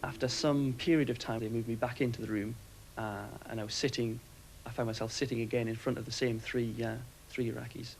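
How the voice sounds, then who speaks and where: A man who served as aircrew, giving a steady, matter-of-fact account in a documentary interview. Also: mid-range voice, brisk, hardly any pauses, rough recording. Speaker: former RAF aircrew interviewee.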